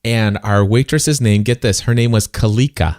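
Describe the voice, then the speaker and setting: Man, podcast host, low voice, casual chat, storytelling, dry close mic. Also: normal speed, no echo. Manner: storytelling, animated when quoting people.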